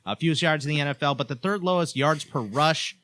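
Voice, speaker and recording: A man's voice: on the high side, quick pace, fairly bright tone, no echo. A man talking as a guest on a sports podcast, methodically laying out team stats. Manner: stat-heavy, methodical. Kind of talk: casual sports chat.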